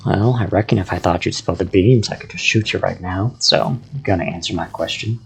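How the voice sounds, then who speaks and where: Guy doing a low gravelly texan drawl, folksy old backwoods man with a shotgun attitude, audio story. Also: fairly quick, faint music behind, full character voice. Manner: folksy drawl, threatening then jovial. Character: gruff older Texan man, wary, armed.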